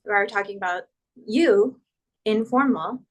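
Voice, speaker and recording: A woman teaching a Spanish grammar lesson, patiently spelling out verb endings and slowing down for each example. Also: mid-range voice, poor audio.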